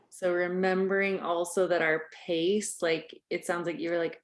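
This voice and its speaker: A woman leads a parenting group as its coach. She speaks in a gentle, reflective way, with a voice that sits slightly low, and she acts out what parents and kids might say. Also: level tone, a little slow, few pauses.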